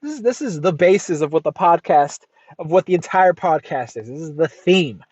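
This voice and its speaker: A man's voice: fairly high pitch, lively intonation, a little mellow, slightly rough, no room sound. American man reading aloud, dull dry sound. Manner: deliberate reading, says "quote" aloud before quotations. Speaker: podcast host. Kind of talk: reading a nonfiction book aloud with commentary.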